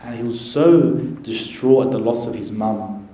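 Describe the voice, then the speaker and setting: A man, a priest, giving an earnest, gentle sermon with pauses. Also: medium pitch. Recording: echoey church with faint noise.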